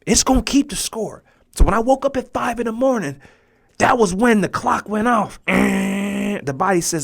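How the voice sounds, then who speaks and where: A man in his thirties, a podcast host telling a personal story in an animated way and acting out the voices of others. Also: high voice, a little fast, gravelly. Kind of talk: storytelling monologue.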